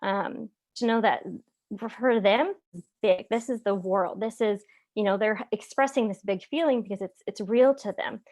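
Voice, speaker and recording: A woman's voice: medium pitch, unhurried, a little mellow. A woman therapist presenting a parenting webinar in a conversational way, with many "um"s and frequent "right?" check-ins.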